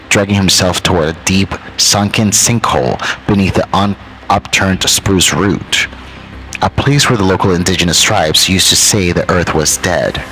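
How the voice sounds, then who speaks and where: A man narrating a horror story in a measured, ominous way, drawing out key phrases. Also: sits low, sharp tone, slight background noise, rough recording.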